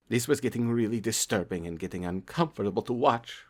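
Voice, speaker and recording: A man's voice: on the low side, expressive, fairly quick. A man reading a horror story aloud in plain first-person storytelling, stumbling now and then. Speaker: creepypasta narrator.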